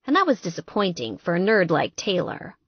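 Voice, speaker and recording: A woman narrating an audiobook in a lively, expressive storytelling manner. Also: on the low side, a little fast, slightly rough, no room sound, lo-fi sound.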